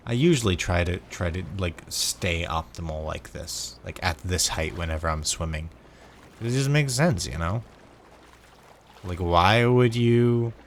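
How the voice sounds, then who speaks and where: A man's voice: sits low, slight background noise. A sleep-deprived man from the United States, rambling casually to viewers while playing a game, repeating words and drifting between asides. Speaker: gaming vlogger. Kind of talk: rambling casual gameplay chat.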